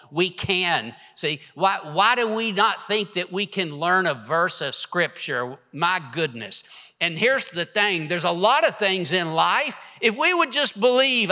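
A man's voice: high voice, pushed and bright, long reverb tail. A pastor in his sixties preaching an emphatic sermon and leading the congregation in reciting verses. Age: 60s. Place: church hall with congregation.

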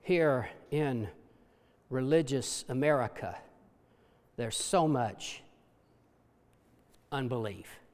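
A man preaching a sermon with passion, dropping to hushed low tones for emphasis. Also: animated, slow, pauses often. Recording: long hall reverb.

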